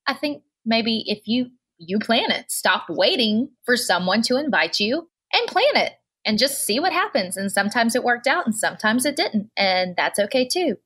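A woman's voice: on the high side, very animated, normal speed, hardly any pauses, a bit bright, breathy edge. Earnest, chatty woman host. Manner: earnest, encouraging, many filler likes. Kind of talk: casual chat.

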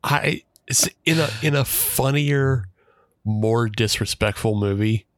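A man co-hosts a casual podcast, trailing into restarts as he explains. His voice sits at an ordinary pitch, laid-back and unhurried. The mic is close and dry. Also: dry recording. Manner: relaxed, hesitant explainer with many restarts. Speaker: podcast co-host. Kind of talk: casual film review chat.

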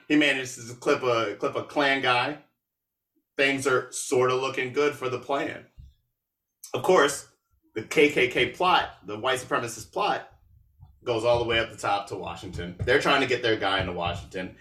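A man hosting a podcast, recapping a movie in a casual, animated and sarcastic way. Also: medium pitch, roomy sound, far from the mic. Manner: animated, sarcastic, with laughs and asides. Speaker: podcast host.

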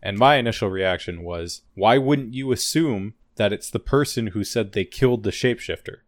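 Man, low voice, dry close mic, casual TV recap, animated, laughs a lot. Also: moderate pace, no room sound. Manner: animated, laughs often, acts out quotes. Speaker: podcast co-host.

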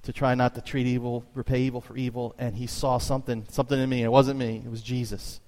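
A man preaching a sermon as pastor, telling stories with lively emphasis and sudden high jumps in his voice. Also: fast. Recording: long reverb of a church hall.

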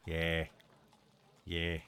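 A man's voice: low-pitched, monotone, very slow, fairly bright tone, smooth, dry recording, voice pushed down, heavily acted. A man voicing a chatty working-class male cab driver who rambles and stumbles over names. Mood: chummy.

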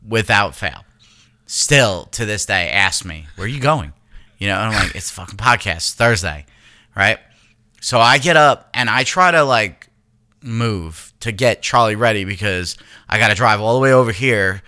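A man in his thirties co-hosting a podcast, telling profane, animated stories with laughs in casual chat. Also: fairly low pitch, normal speed, clean tone. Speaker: podcast co-host.

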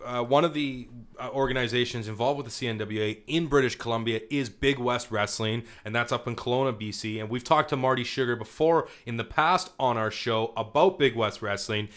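A man's voice: mid-range voice, a little fast, few pauses, a bit bright. A man co-hosting a live wrestling radio show, chatting casually with a teasing, joking manner.

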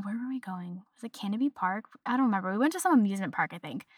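A woman's voice: mid-range voice, a bit bright, no echo, clean studio sound. A young woman in her twenties hosting a casual solo podcast, ranting in an exasperated, chatty way and mimicking others in quotes. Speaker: podcast host.

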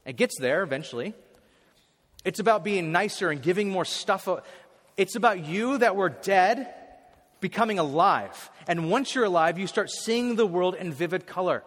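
A man preaching a sermon as a pastor, telling stories animatedly and swinging from hushed to loud. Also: sits high, expressive, normal speed, big-room sound.

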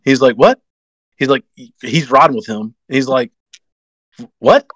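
A young man telling a long story on a podcast, rambling and acting out quotes in sudden high-pitched bursts. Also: steady tone, normal speed, a bit bright, dry recording, rough recording. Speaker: guest race driver.

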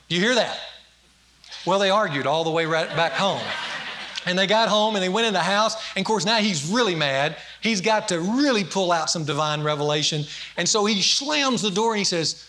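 A man's voice: high voice, lively intonation, moderate pace, pushed and bright. A man preaching a sermon, telling stories with acted-out quotes and swelling, emphatic delivery.

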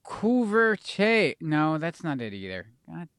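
Rambling animated man, dry sound. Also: medium pitch, measured pace, no room sound. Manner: rambling, loses his train of thought, swears casually. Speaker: podcast co-host. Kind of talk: casual chat.

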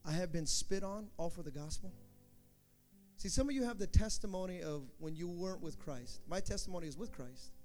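Animated high-voiced man preaching. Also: brisk, soft background music. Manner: animated storytelling, acting out shouts and quotes. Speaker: pastor. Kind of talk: sermon.

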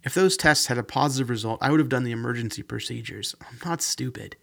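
A man's voice: mid-range voice, fast, vocal fry, fairly bright tone. Man as a young lab technician, scruffy, vague, hesitant, audiobook. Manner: vague and hesitant, then defensive.

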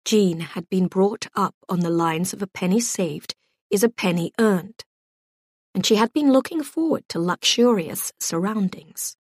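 Woman, audiobook narration, slow unhurried delivery, measured storytelling, dry close sound. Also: mid-range voice, slightly rough, no room sound.

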